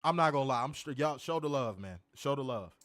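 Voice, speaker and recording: A man's voice: mid-range voice, lively intonation, brisk, a bit bright, no echo, clean studio sound. A man co-hosting a podcast, ranting in an exasperated, sarcastic, profane way and calling his listeners y'all. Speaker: podcast co-host reviewing wrestling. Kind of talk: casual ranting review.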